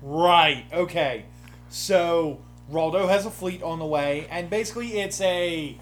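Faint music plays behind a man with a voice on the high side who speaks unhurriedly. He ran the campaign as game master and is chatting casually on a podcast, wandering off topic, breaking off mid-sentence and swearing casually.

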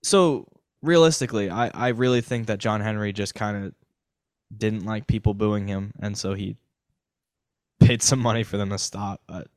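A man co-hosting a casual sports podcast, thinking out loud with a rambling, speculative way of talking. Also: lowish voice, normal speed, no room sound. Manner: rambling, speculative, many fillers and restarts. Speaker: podcast co-host.

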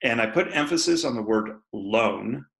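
Male podcast guest, candid storyteller, gravelly voice, laughs often. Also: medium pitch, expressive, normal speed, fairly bright tone, rough recording. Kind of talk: personal storytelling in an interview.

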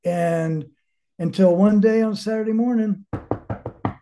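A man's voice: sits high, takes it slowly, dark tone, slight background noise. A man in his forties telling his own story as an interview guest, blunt and emphatic, swearing constantly. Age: 40s. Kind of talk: candid personal storytelling.

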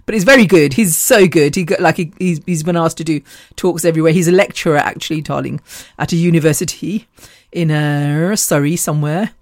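A woman hosting a podcast, telling rambling personal stories in a chatty, animated way and laughing often. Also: low-pitched, fairly quick, no room sound, clean studio sound. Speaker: podcast host.

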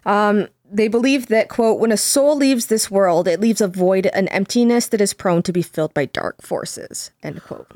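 A young woman co-hosts a casual podcast, reading passages aloud in a measured way with small fillers between thoughts. Her voice sits at a middling pitch and is recorded close and dry, with no room sound. The pacing is unhurried and conversational. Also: darkish tone, no echo. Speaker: podcast co-host.

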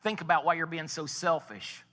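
Man doing a stern scolding dad, short-tempered, bright forceful voice, hall echo. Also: on the high side, fairly even intonation, moderate pace, close to an everyday voice. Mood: furious. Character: hardworking father, short-tempered then remorseful.

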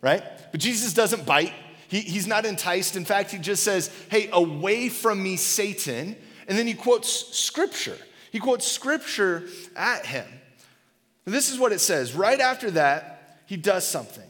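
A man in his thirties giving a sermon in a church auditorium, casual and animated, telling stories with lots of "like" and "right?". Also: sits high, moderate pace, in a large hall. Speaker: pastor.

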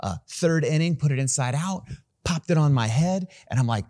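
Animated storytelling pastor, dry close sound. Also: male voice, a little high, fairly quick, no room sound. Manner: animated, self-deprecating storytelling with laughs. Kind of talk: sermon with a personal story.

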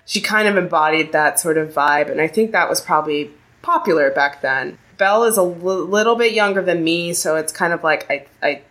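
American lady chatting on a podcast, lowish voice, animated and rambling. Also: brisk, hardly any pauses. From United States. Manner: chatty, animated, many fillers and laughs. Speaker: podcast co-host. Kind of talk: casual chat.

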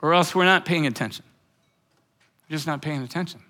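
A man preaching a sermon as pastor, building from quiet musing to loud exclamations, repeating words and chuckling now and then. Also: a little high, brisk. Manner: repeats words, restarts, chuckles mid-sentence.

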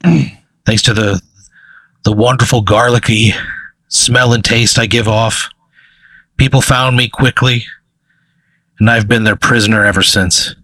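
A man's voice: fairly even intonation, pushed and bright, dry recording. A man voicing a weary furry dust monster. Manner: tired, slow, deep-breathing. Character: huge weary blue furry male dust creature. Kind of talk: improvised tabletop-style storytelling.

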